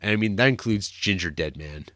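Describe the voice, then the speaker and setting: A young man co-hosting a podcast chats in a rambling, casual way, full of fillers and restarts. His deep voice is expressive, fairly quick, pushed and bright, captured on clean studio audio with no room sound.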